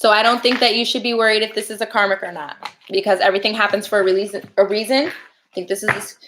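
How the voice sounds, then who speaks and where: A woman's voice: mid-range voice, steady tone, quick pace, fairly bright tone, slight background noise. A woman giving casual live tarot readings, chatty and laughing often as she talks to viewers. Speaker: tarot reader.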